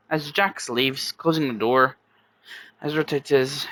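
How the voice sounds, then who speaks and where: A man narrating a homemade story in a loose, improvised way, stumbling and restarting as he goes. His tone is bright and forward, recorded dry and close. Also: a little high, measured pace, no echo.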